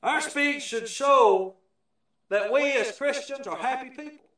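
A man preaching a sermon, emphatic and shifting from loud declarations to hushed asides. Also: very high-pitched, a little slow. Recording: echoey, from far off the mic.

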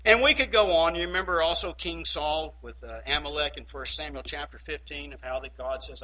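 A man preaching a sermon emphatically, swinging between loud and hushed and checking in with "okay?". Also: on the high side, brisk, hardly any pauses, rough recording.

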